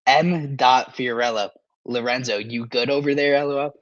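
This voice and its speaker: A male sports podcast host talking casually on a live stream, excitable and animated, with a parched throat that keeps making him cough and clear it. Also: mid-range voice, a little slow, no echo, lo-fi sound.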